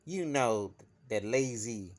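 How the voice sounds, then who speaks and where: A man vlogging an emphatic opinion rant, swinging from loud outbursts to low muttering. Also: expressive, slow pace.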